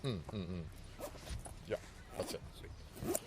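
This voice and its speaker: A man bantering casually with a friend in a car, relaxed and teasing. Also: low voice, takes it slowly, heavy background noise. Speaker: travel companion. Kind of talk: casual chat. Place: inside a car.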